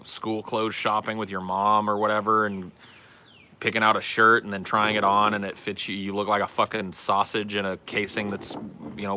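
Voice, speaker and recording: A man's voice: fairly low pitch, bright, forceful tone, a little hiss or hum. A man hosting a casual show, reading out viewer questions and answering them in a blunt, profane, self-deprecating way. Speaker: podcast host answering chat questions. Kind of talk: casual chat.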